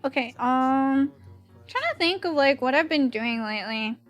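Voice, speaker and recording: A woman's voice: high voice, lively intonation, measured pace, muffled recording, soft background music. A young woman with a Valley girl accent, chatting casually on stream while drawing, giggly and full of "like" fillers.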